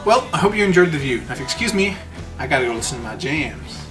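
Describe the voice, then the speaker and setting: A man giving a casual, wry movie review, relaxed and hesitant with frequent fillers. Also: fairly high pitch, fast, music in the background.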